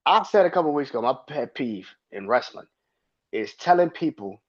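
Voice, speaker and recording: Heated, animated man ranting on a podcast. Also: mid-range voice, normal speed. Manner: heated, profane, emphatic. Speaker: podcast host. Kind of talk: solo podcast rant. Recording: dull lo-fi sound.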